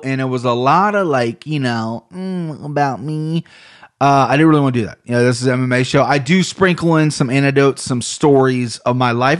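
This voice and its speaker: A man from Ohio with an Ohio accent, hosting a solo sports podcast in loose, rambling, profane casual talk, a bit low on energy. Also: lively intonation, a little fast. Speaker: podcast host. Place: home room.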